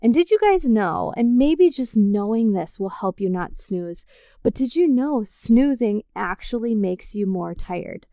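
Upbeat woman podcast host, mellow voice. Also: on the high side, lively intonation, a little slow, no echo, studio quality. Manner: upbeat, encouraging, speaks directly to listeners. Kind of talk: casual solo podcast talk.

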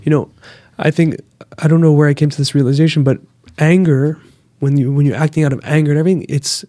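A man who works as a massage therapist, calmly explaining his views in casual conversation. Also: a little high, fast, no echo, studio quality. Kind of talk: casual chat.

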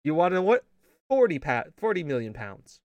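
Guy on a gaming podcast, kinda high voice, dry close sound, rambles and swears a lot. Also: sing-song, moderate pace, darkish tone, dry recording, dull audio. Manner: rambling storyteller, swears, laughs often. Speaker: podcast co-host. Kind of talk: casual gaming chat.

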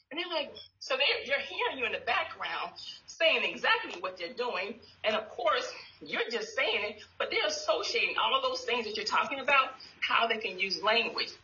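This woman, a speech pathologist, presents to parents, explaining play techniques and acting out sing-song phrases meant for a child. Her voice is on the high side, bright and forceful. The room audio is echoey and slightly dull.

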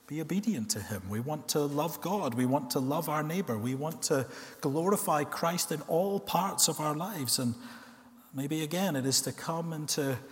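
A man preaching a sermon in a church, earnest, asking rhetorical questions and slowing down to stress key words. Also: a little high. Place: church hall. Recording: long reverb of a church hall.

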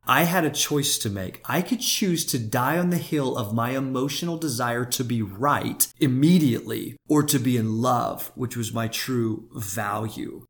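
A male life coach delivers a motivational podcast monologue in a lively, chatty manner. His pitch sits in a typical middle range for a man, and he often laughs lightly between points. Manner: energetic and conversational, with frequent chuckles.

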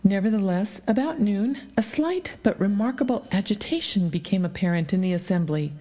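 A woman narrating a story aloud in an expressive reading style, with dramatic pauses. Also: mid-range voice. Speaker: audiobook reader. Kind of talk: scripted narration.

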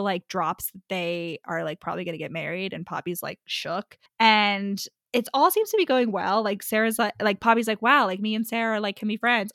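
A woman's voice: mid-range voice, sharp tone, no room sound, studio quality. Laid-back young woman, casual swearing. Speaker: podcast co-host. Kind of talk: casual book-recap chat.

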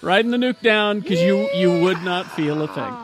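A man with a high voice hosts a loose, casual podcast chat. He gets excited easily and swears freely as he talks. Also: normal speed. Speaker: podcast host.

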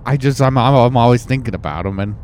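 A man with a New Zealand accent hosting a podcast, bantering casually and haltingly with many fillers. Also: mid-range voice, a little mellow, a little hiss or hum. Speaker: podcast host.

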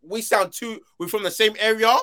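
A man's voice: high-pitched, fairly even intonation, normal speed, sharp tone, clean tone. A man from London with a London accent, co-hosting a casual podcast chat and bantering playfully with lots of emphatic repetition. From London, England. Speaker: podcast co-host.

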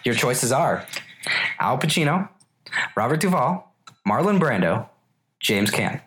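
A quiz host running a casual game among friends, joking and rambling with fillers. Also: female voice, a bass voice, very animated, measured pace. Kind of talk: casual podcast game show. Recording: echoey room, faint noise.

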